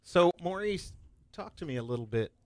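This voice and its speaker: A man co-hosting a radio coaching show, speaking with dry, deadpan humor. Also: on the high side, normal speed, dry recording. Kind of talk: radio talk, bantering.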